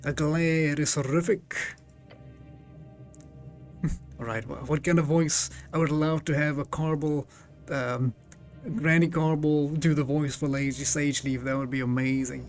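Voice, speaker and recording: A man's voice: on the high side, fairly even intonation, a little slow, pauses often, faint music behind. A man streaming a game live, chatting casually and reading its text aloud, laughing often.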